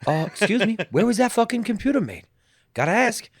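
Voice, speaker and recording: A man voicing an indignant male robot peanut gentleman who is shrill, belligerent and profane. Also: big pitch swings, brisk, vocal fry, slightly rough, dry recording, studio quality, heavily acted.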